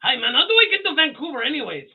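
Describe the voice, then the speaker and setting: A man voicing a rowdy, swearing young male buddy in loud street slang, over tinny phone-like audio. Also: very high voice, very animated, very fast, pitched above the performer's own voice, heavily acted.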